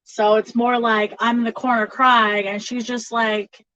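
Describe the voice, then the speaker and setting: A woman's voice: fairly high pitch, little pitch movement, unhurried, bright, forceful tone, no room sound, muffled recording. A woman tarot reader chatting casually on a livestream, laughing often between remarks.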